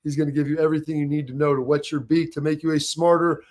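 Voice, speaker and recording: A man's voice: fairly high pitch, little pitch movement, fast talker, darkish tone. Upbeat man hosting a sports show. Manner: easygoing, upbeat, steering the show. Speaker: show host. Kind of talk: casual sports talk hosting.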